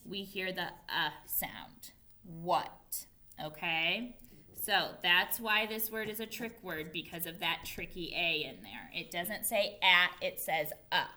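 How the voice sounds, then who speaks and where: A woman's voice: medium pitch, sharp tone. A young woman teacher giving a patient, carefully enunciated phonics lesson to young children. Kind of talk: early-grade phonics lesson.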